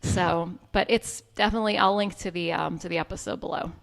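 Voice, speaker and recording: A woman's voice: lowish voice, steady tone, a little fast, gravelly. A woman co-hosting a podcast, chatting casually with many fillers. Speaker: co-host.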